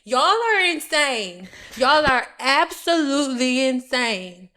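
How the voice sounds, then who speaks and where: A woman's voice: high voice, sing-song, takes it slowly, pushed and bright. A young woman hair stylist talking straight to camera in a blunt, confrontational, sassy way. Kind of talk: casual direct-to-camera rant.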